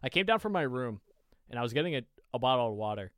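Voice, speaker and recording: A man co-hosting a podcast, telling an animated story in casual chat with many quoted asides. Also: mid-range voice, quick pace, clear, resonant tone, no room sound. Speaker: podcast co-host.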